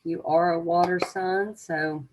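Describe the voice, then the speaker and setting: Slow, low-voiced woman reading oracle cards. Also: fairly even intonation, slight background noise. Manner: slow, meandering, musing delivery with many fillers. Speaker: oracle card reader. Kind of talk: unscripted card reading to camera.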